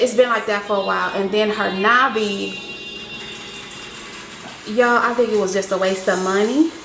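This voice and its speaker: A young woman chatting casually to her viewers in a home vlog, recorded in her kitchen. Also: mid-range voice. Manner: chatty, talks straight to viewers, says "y'all" often. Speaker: vlogger, stay-at-home mom. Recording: echoey room with loud background music.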